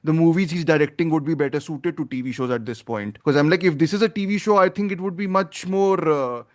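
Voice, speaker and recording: Male podcast host, slightly high voice, opinionated, thinks out loud. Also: a little fast. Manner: rambling, opinionated, thinks aloud. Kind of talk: casual film review chat.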